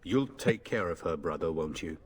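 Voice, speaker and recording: An actor playing a confident, teasing young noble son in a fantasy game. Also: male voice, low-pitched, animated, moderate pace, husky. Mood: jaunty. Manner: jaunty, teasing, bold. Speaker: game character.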